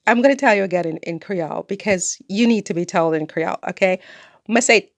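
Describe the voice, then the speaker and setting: A woman's voice: mid-range voice, a little fast, no room sound, clean studio sound. A woman from the Caribbean vlogging on her own channel, chatting in a rambling, talkative way and breaking into laughter. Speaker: YouTuber. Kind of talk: casual vlog monologue.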